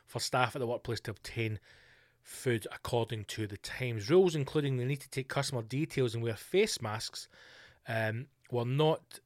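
A man's voice: medium pitch, normal speed, dry recording, studio quality. A man hosting a solo podcast, ranting with lots of swearing and sarcastic asides. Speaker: podcast host.

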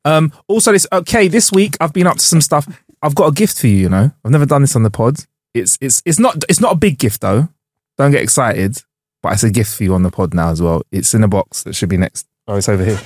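A young man co-hosts a podcast, chatting loosely and dropping slang as he talks. His voice sits at an ordinary pitch, and it is recorded close and dry in a studio with no room sound. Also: lively intonation, quick pace, darkish tone, no echo. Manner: slangy banter, says "bruv" and "innit". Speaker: podcast co-host. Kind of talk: casual chat.

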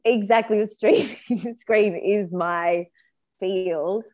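A woman's voice: mid-range voice, slow pace, darkish tone. Teasing woman guest on a comedy podcast. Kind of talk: casual comedic chat.

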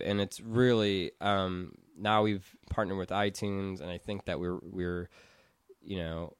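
Low, smooth-voiced rambling man. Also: dry recording, studio quality. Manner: rambling, filler-heavy, earnest. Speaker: podcast network founder. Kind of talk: casual podcast chat.

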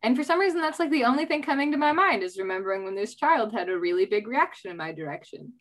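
A woman's voice: a little high, fast. Giggly woman telling work stories. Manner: laughs often, animated anecdotes. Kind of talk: casual chat.

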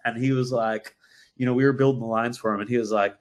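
Man, brewery guest, casual podcast chat, animated storytelling, lots of swearing. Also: medium pitch, quick pace.

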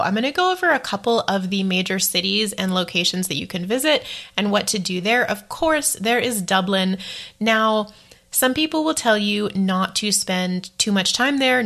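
A woman's voice: medium pitch, vocal fry, fairly bright tone. A young woman talking through travel tips in a casual vlog, chatty and laughing often, with self-deprecating asides. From United States. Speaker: travel vlogger.

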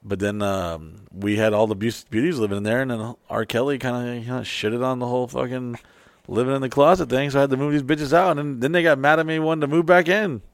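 A man's voice: mid-range voice, steady tone, brisk, dry recording. Brash male host, mid-range voice, profane and boastful, dry studio sound. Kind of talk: casual podcast chat.

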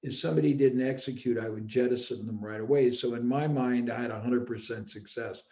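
A mid-range, mellow male voice moves at a fairly quick pace. The speaker, a middle-aged business owner who used to run seminars, reflects in a casual chat and repeats points to drive them home. The audio carries a roomy echo.

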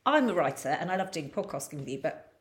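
A middle-aged woman co-hosting a podcast, chatting casually in a lively, teasing way. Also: fairly low pitch, fast talker. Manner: lively, teasing, laughs often. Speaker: podcast co-host, writer. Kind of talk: casual chat.

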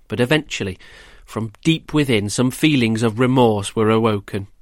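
A man reading a rhyming children's story aloud, gentle and measured, then quizzing children about it. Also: lowish voice, no echo, studio quality. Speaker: storyteller and host.

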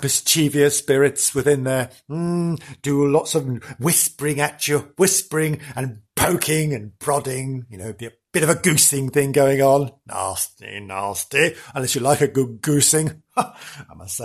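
A man of medium pitch with a slightly rough voice hosts a comedy podcast, telling ghost stories in a camp, theatrical style. His comedic storytelling chat is full of dramatic "oh"s.

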